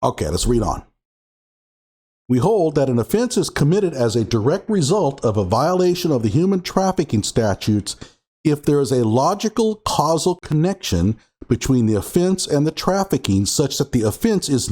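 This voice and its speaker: Man, show host, sarcastic commentary, lively up-and-down pitch, reads quotes with stress. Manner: sarcastic, reads documents aloud with emphasis. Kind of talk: commentary on a court ruling.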